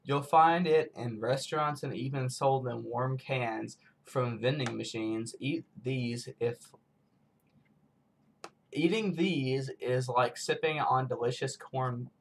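A man's voice: mid-range voice, slow pace, a little hiss or hum. A man from the United States rambling through a casual snack taste-test vlog, full of self-mocking asides. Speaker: vlogger.

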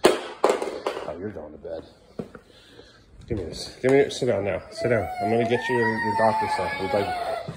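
A man's voice: on the high side, huge pitch swings, moderate pace, background noise. A young dad filming a casual home vlog, talking to his kids at bedtime and now and then snapping at them in frustration. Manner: exasperated, scolding in bursts. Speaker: parent vlogger.

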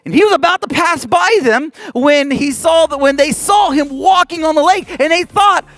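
High-voiced animated children's pastor. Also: male voice, moderate pace, no room sound, faint music behind. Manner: animated, playful, acts out voices. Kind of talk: kids' Bible lesson. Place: church kids' stage.

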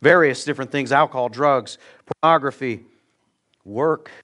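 A middle-aged man from the United States, preaching a sermon in a church, earnest and direct, swinging between loud emphatic peaks and quiet low asides. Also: moderate pace. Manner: earnest, direct, repeats words when starting a thought. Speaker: pastor.

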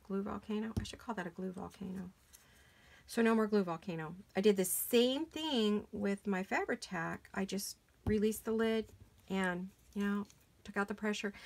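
Gravelly-voiced woman chatting while crafting. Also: medium pitch. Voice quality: gravelly, froggy voice today. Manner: chatty, rambling, talks while working with hands. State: hoarse. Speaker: crafting channel host. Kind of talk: casual craft chat. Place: home craft studio. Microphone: camera mic while sitting back from a craft table.

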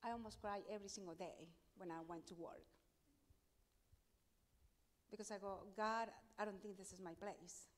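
A woman's voice: medium pitch, steady tone, normal speed, pauses often. A middle-aged woman pastor with a Spanish accent delivers her testimony from the pulpit, acting out each exchange with strong emphasis. Her voice sits in an ordinary middle range. A long reverb trails her words through the church sanctuary. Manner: emphatic storytelling, acting out quoted dialogue. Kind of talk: testimony in a sermon.

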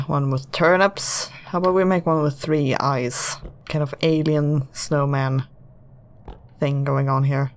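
A gamer hosting a let's play, chatting casually, joking and self-mocking while playing. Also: mid-range voice. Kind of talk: casual gameplay commentary. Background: game music.

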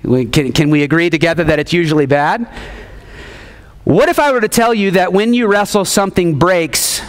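A man in his thirties preaching a sermon, telling stories with animated refrains and calling on the congregation. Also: sits high, normal speed. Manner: animated storytelling, repeats refrains, calls on the congregation. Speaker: pastor.

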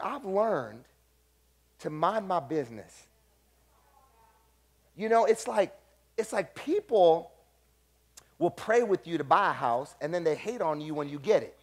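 A pastor preaching a sermon, animated, swinging between quiet asides and loud, shouted points. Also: male voice, high-pitched.

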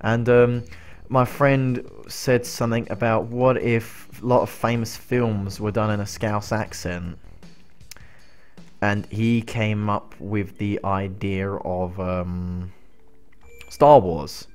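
A man's voice: on the low side, flat delivery, takes it slowly, clean tone, faint music behind. A young man chatting casually while streaming a game, telling rambling, giggly stories. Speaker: gaming livestreamer. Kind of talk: casual chat while playing.

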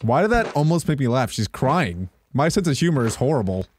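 A young man co-hosting a reaction video, excited and self-mocking. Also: medium pitch, a little fast, very noisy. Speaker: co-host.

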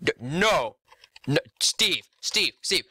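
Excitable young man yelping over gameplay. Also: a little high, slow, slightly rough, no room sound. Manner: excitable, yelps and laughs at in-game scares. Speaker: gaming video creator. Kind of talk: let's play commentary.

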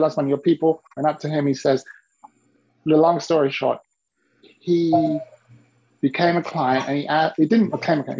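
A business mentor tells a story with a gravelly, husky edge to his voice. He is animated and acts out the people he quotes. The call audio is dull and lo-fi. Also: on the high side. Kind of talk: storytelling to an interviewer.

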